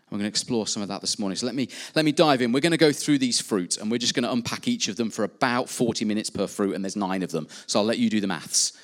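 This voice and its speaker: A man preaching a sermon, earnestly rising and dropping in emphasis. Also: lowish voice. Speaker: pastor.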